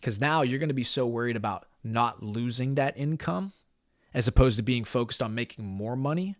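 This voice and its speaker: A man's voice: mid-range voice, moderate pace, dry recording, clean studio sound. Blunt, cursing man giving a pep talk. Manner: blunt, profane, emphatic repetition. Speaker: business mentor. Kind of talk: motivational talk to a team.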